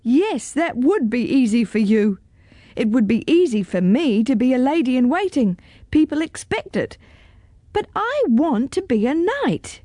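A woman's voice: high-pitched, sing-song, unhurried, dark tone, dry recording, studio quality, voice pushed up, exaggerated voice. A woman reading a storybook aloud, voicing a brave young girl who wants to be a knight, firm and stern.

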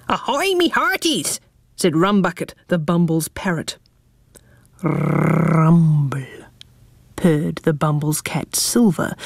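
A woman reading a children's storybook aloud, lively and expressive. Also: lowish voice, no room sound, studio quality.

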